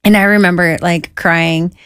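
Woman telling her story in a dry, lowish voice. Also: moderate pace, smooth, no echo. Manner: lively, quotes herself and others in an animated voice. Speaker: guest sharing her testimony. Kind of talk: conversational storytelling.

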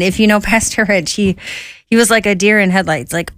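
A woman's voice: medium pitch, moderate pace, no room sound. A woman recounting her own life story in a conversational way, acting out the quoted voices of others. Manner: lively, quotes herself and others in an animated voice. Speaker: guest sharing her testimony.

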